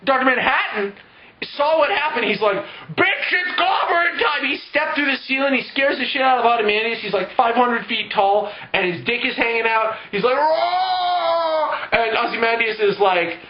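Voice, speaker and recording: A man's voice: very high-pitched, brisk, dull audio, slight background noise. A young man recapping a story in a rambling, profane comic way, acting out characters in silly voices. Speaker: comedic recapper. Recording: echoey room with music behind.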